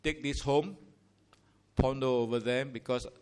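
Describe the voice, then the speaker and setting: A man's voice: medium pitch, fairly even intonation, unhurried, darkish tone, smooth. A man from Singapore, preaching a sermon in church with emphatic rhetorical questions and rising declarations. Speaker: pastor. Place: church sanctuary.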